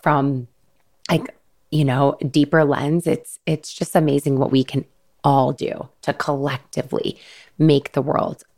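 Low-voiced woman host, earnest storyteller. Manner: emotional, earnest storytelling with quoted dialogue. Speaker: podcast host. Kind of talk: casual podcast chat.

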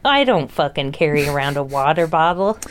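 A woman's voice: low-pitched, a little fast, slight background noise. A woman co-hosting a podcast in casual chat, blunt and profane, telling stories with animation. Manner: blunt, swears freely, animated storytelling. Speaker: podcast co-host.

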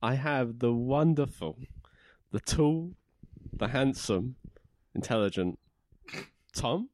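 A man's voice: medium pitch, expressive, slow pace, darkish tone, slight background noise. A young man hosting a casual podcast with friends, joking and laughing often. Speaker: podcast host.

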